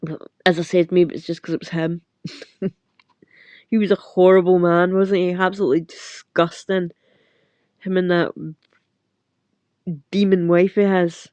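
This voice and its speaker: A woman's voice: lowish voice, little pitch movement, a little slow, long pauses, darkish tone, no echo. A middle-aged Scottish woman hosting a casual livestream chat, rambling with lots of fillers and frequent laughs. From Scotland. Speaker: livestream host. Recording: dull lo-fi sound.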